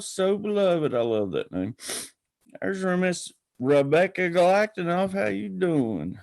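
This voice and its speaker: A man hosts a relaxed livestream, rambling along and greeting viewers one by one. His voice sits a little high for a man, with a gravelly fry running through it. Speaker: livestream host. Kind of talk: casual livestream chat.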